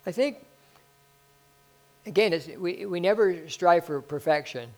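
Excitable preacher man, rising to loud bursts. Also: high-pitched, measured pace, low-quality recording. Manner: prays aloud. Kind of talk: sermon.

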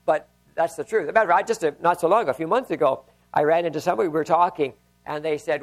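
Male pastor with a high-pitched voice, conversational sermon with anecdotes and frequent restarts. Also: quick pace, faint music behind.

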